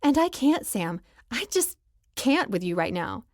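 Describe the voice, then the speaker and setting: A woman narrating a first-person romance audiobook in an emotional, expressive reading. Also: on the high side, a little slow, no echo, clean studio sound.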